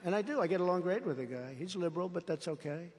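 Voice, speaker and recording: A man's voice: high voice, expressive, fast, darkish tone, long reverb tail, a little hiss or hum. A man giving an off-the-cuff political rally speech, boastful and repetitive, telling rambling stories in a large indoor venue. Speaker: political speaker.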